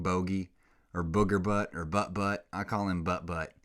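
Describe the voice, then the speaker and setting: A man's voice: sits low, fairly even intonation, normal speed, a bit bright. A man hosting a casual solo podcast, rambling and self-mocking, a little out of breath, close on a microphone. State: slightly out of breath. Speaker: podcast host.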